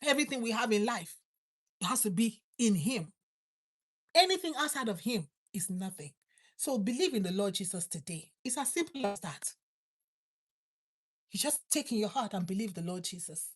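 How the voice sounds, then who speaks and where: A woman preaching and praying, repeating her thanks to God and slowing down on key words. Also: medium pitch, sing-song, husky. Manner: fervent, repetitive prayer phrases, slows for emphasis. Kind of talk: prayer and sermon.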